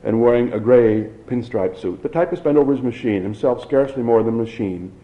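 In a lo-fi recording that sounds dull, a male audiobook narrator reads evenly and deliberately, his pitch sitting squarely in the middle range.

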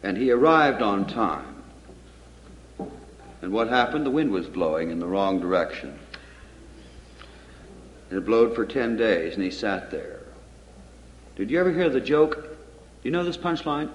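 A man's voice: lowish voice, measured pace, pauses often, echoey room, big-room sound, a little hiss or hum, low-quality recording. A man giving a poetry reading with joking, rambling asides and stumbling restarts.

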